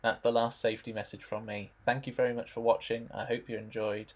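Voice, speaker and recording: A young man narrating a stretching warm-up demonstration in a relaxed instructional voice-over, adding dry jokes. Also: medium pitch, a little fast. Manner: dry, joking asides.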